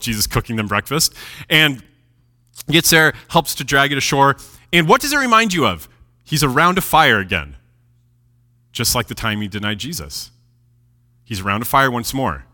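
A man preaching a sermon, reading scripture aloud and explaining it with animated delivery, dropping his voice low at key moments. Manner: lively, animated preaching with dramatic drops in volume. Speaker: pastor. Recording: long hall reverb.

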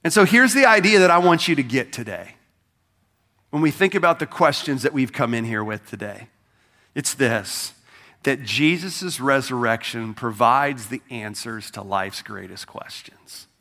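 A man's voice: mid-range voice, expressive, measured pace, sharp tone. A pastor preaching an Easter sermon to his congregation in a conversational, emphatic way, speaking straight to them. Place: church service.

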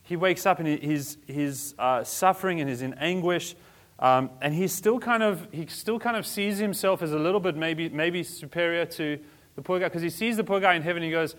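A man's voice: a little high, normal speed, fairly bright tone. A man, a pastor, giving a sermon in a casual, conversational way with everyday slang.

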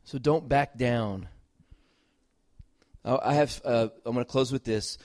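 Preaching as a pastor, this middle-aged man speaks slowly at a medium pitch. His sermon is earnest and emphatic, with repeated phrases and shifts from loud urging to gentle, tender speech.

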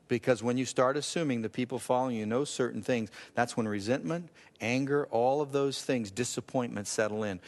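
Animated male preacher in a reverberant hall. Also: normal speed. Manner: animated preacher, voice climbing high for emphasis, laughs at himself. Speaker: pastor. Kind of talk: sermon. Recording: long reverb of a large hall.

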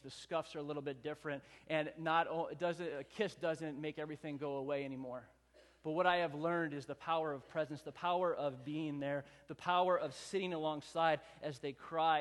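Casting: male pastor, fairly high voice, earnest and emphatic, big hall reverb. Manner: earnest storytelling, rising emphatic repetition. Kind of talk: sermon.

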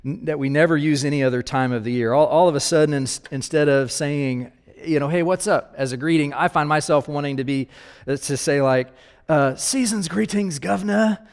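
A man's voice: medium pitch, steady tone, fairly quick, smooth, big-room sound. A man giving a conversational sermon as a pastor, talking straight to his listeners and asking them questions. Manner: casual, talks directly to listeners with questions.

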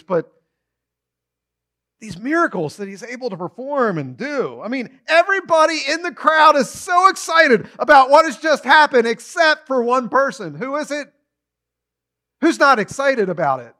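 A man preaching a sermon, retelling a story with animated storytelling and short acted-out quotes. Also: very high voice.

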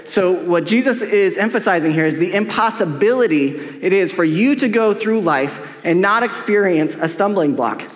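A middle-aged male pastor with a high-pitched voice preaches in a relaxed, joking manner, filling his talk with "like." His voice rings with the long reverb of a church hall. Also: normal speed, hardly any pauses. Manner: casual, joking, heavy use of "like". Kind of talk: sermon.

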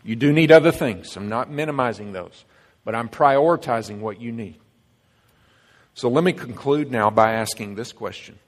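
A man preaching a sermon as pastor, earnest and emphatic, swinging between loud stresses and hushed lines. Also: fairly low pitch. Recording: long reverb of a large hall.

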